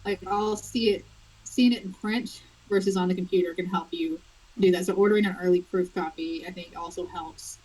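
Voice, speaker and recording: A young adult woman, an author, chatting in a casual interview, animated and quick to laugh. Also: fairly low pitch, slightly rough, rough recording. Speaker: author guest.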